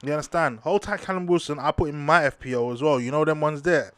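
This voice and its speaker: A young man, hosting a casual football talk show, slangy and animated, breaking into outraged high-pitched rants. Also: quick pace, clean tone, no room sound. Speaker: football podcast host. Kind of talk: casual sports talk monologue.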